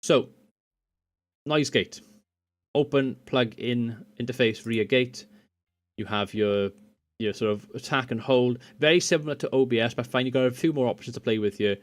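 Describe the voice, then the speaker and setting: Casual rambling man explaining software settings. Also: mid-range voice, normal speed. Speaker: tech tutorial host. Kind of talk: screen-recorded software tutorial. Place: home computer desk. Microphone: USB condenser microphone.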